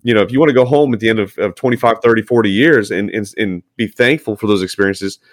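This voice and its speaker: Earnest low-voiced firefighter. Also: male voice, quick pace, dry recording, studio quality. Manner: earnest, encouraging, many restarts. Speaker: firefighter podcast guest. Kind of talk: casual podcast chat.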